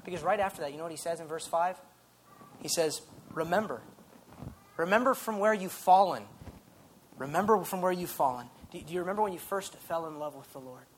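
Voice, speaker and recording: A man preaching a sermon in an earnest, conversational way, dropping soft and then rising loud. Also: on the high side. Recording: faint background noise.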